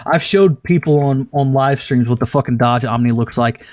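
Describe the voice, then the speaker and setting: A male podcast host in casual chat, swearing freely and telling a lively story. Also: mid-range voice, moderate pace, dry recording. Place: at a desk, showing pictures to a guest.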